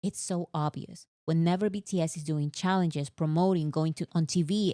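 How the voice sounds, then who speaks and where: As a co-host in a casual fan chat, a woman with a fairly low voice sounds animated and a bit exasperated, over-explaining with lots of fillers at a moderate pace. The sound is dry and close, without room echo.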